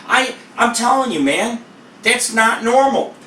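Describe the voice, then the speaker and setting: A man's voice: very high voice, animated, measured pace, bright, forceful tone. A male cooking show host who rambles and swears freely as he tells a story while he cooks. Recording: echoey room, voice a bit far from the mic, faint noise.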